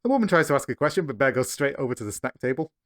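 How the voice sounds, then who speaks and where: Fast-talking man recapping a plot. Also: medium pitch, sing-song, a bit bright. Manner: brisk, chuckling between beats. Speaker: podcast co-host recapping the episode. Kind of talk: casual chat, plot recap.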